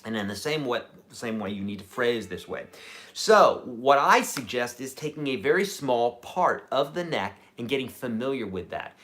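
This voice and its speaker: A man teaching a live-streamed guitar lesson, chatty and energetic, with lively jumps in pitch and loudness. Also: moderate pace. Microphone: camera mic.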